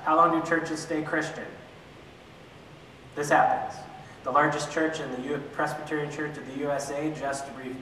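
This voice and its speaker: A man with a fairly high, sharp-toned voice teaches an adult church class, posing questions and answering them himself, sprinkled with joking asides. He's recorded from a distance in an echoey hall with faint room noise.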